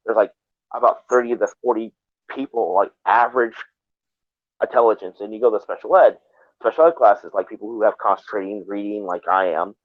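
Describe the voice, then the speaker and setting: A man hosts a live stream, rambling through casual chat full of swearing and restarts. His voice sits low. It comes over a thin, phone-like line with no room sound at all. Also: a little fast, no echo. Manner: rambling and profane, with many restarts.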